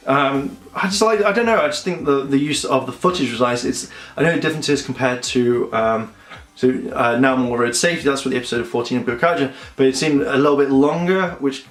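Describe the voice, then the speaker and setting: A man's voice: medium pitch, brisk, a bit bright. A man reviewing a TV episode in a casual, rambling way, with many fillers, acting out characters' lines. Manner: rambling, many fillers, acts out quotes in voices. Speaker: show reviewer. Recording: roomy echo.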